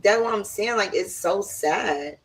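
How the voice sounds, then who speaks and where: A woman's voice: mid-range voice, measured pace, a little hiss or hum, rough recording. A woman hosting a podcast in casual chat, talking in a chatty, dramatic way. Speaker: podcast host.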